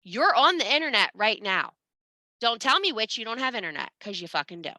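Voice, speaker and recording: A woman's voice: fairly high pitch, very animated, brisk, sharp tone, no room sound. A woman teaching a spiritual class, blunt and profane, scolding and urging her students. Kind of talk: blunt motivational class talk.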